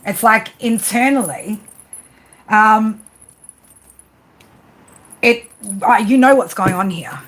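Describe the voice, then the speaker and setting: A woman reads tarot live in a fairly high, fairly bright voice, slow and with long pauses, on poor audio. Blunt and casual, she repeats herself and tags her points with "right?" Her tone is affectionate, but she swears.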